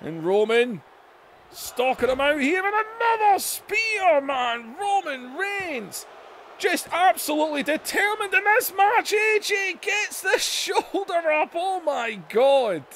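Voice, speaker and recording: A man hosting a gaming video, giving excited wrestling-style play-by-play that bursts into shouts. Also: extremely high pitch, takes it slowly, slight background noise. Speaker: YouTube gaming host.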